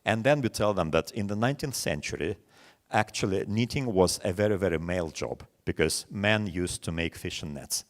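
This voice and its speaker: A man's voice: low-pitched, normal speed. A man in his forties with a Russian accent, a native Russian speaker, gives a webinar lecture to teachers and tells stories full of examples. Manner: storytelling with many examples, animated quoting. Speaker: teacher trainer.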